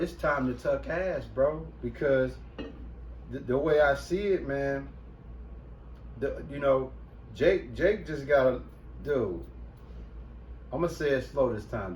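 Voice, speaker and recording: A man's voice: mid-range voice, a little mellow, lo-fi sound, a little hiss or hum. Slangy preaching man, distant roomy mic. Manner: loose, profane, slangy, preachy. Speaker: host. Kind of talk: street talk commentary with scripture.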